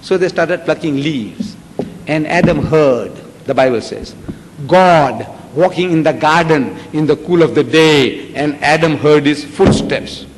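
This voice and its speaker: A man's voice: on the high side, measured pace. Older man lecturing in an echoey hall. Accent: South African Indian. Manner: animated storytelling, acting out voices with rising shouts. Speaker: Islamic lecturer. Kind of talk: public lecture to an audience. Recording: echoey hall with faint background noise.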